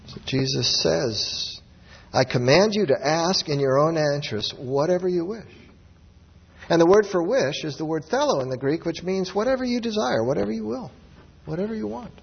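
A man's voice: on the high side, expressive, normal speed, creaky, breathy edge. A man preaching a sermon with emphatic, rising exclamations. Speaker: pastor. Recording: dull lo-fi audio with long hall reverb.

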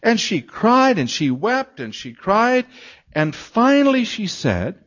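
A man preaching through a long story, slow and unhurried, his pitch swinging widely as he acts out each voice. The recording is dull and lo-fi. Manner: animated storytelling, acting out quoted voices. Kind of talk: storytelling sermon.

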